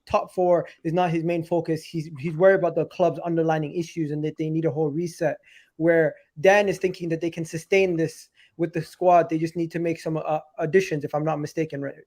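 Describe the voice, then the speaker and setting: A man hosting a football panel debate, briskly steering the discussion and inviting other opinions. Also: a little high, steady tone, a little mellow. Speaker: host of a football talk show.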